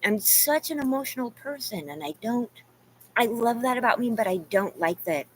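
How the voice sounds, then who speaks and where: A woman's voice: fairly high pitch, lively intonation, moderate pace, breathy edge. A woman talking casually and emotionally to her livestream chat, rambling and confessional, full of "you guys" and "like". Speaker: vlogger talking to live chat.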